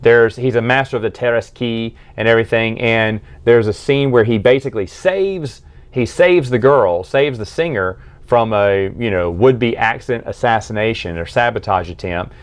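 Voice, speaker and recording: A man's voice: mid-range voice, moderate pace, few pauses, clean tone. A man giving a casual book review, retelling scenes enthusiastically with lots of fillers and restarts.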